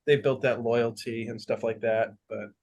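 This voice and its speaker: A man's voice: mid-range voice, fairly even intonation, normal speed, darkish tone. A man in a casual podcast movie chat, enthusiastic, swearing freely and sometimes searching for names mid-sentence.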